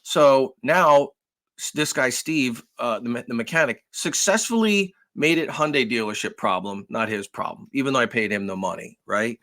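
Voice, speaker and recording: A man co-hosting a podcast, telling a long story in a casual, animated way with lots of swearing. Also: medium pitch, moderate pace. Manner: animated, profane, acts out raised voices. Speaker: podcast co-host.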